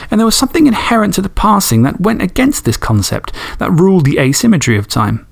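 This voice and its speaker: A man's voice: high-pitched, sing-song, quick pace, creaky, slightly rough. A man hosting a podcast, reading fan stories and chatting enthusiastically, swearing casually. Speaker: podcast host.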